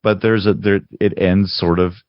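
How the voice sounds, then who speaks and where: On a podcast he co-hosts, a man chats casually about films, wandering off track and restarting frequently. His voice is low with fairly level intonation, delivered at normal speed. The sound is dull and lo-fi, dry and echo-free.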